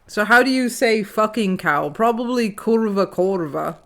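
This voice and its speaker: A young British woman chats her way through a game stream, talking slowly and dropping swear words between bursts of laughter. Her pitch sits right in the middle of the usual range. The tone is loose and playful. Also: animated. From Britain. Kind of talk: casual gaming stream banter.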